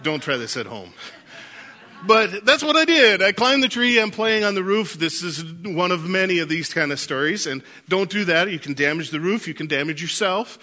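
Bright, high-voiced animated male pastor. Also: normal speed, hardly any pauses. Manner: animated storyteller, laughs through anecdotes. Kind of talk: sermon with storytelling.

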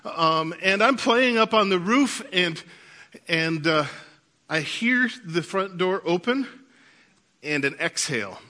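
A man preaching a sermon, telling lively childhood stories and laughing through them. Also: high voice, slow. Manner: animated storyteller, laughs through anecdotes. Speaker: pastor. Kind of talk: sermon with storytelling.

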